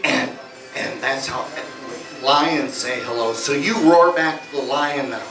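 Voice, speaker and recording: Heard from a distance in an echoey little bar with music behind him, a stage hypnotist at a live comedy show playfully guides volunteers through suggestions. His voice is mid-range and his pace measured.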